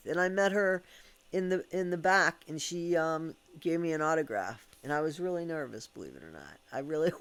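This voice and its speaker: An American man telling a candid, rambling story at home, swearing casually and laughing between thoughts. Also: fairly high pitch. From United States. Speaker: vlogger. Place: at home with his dog.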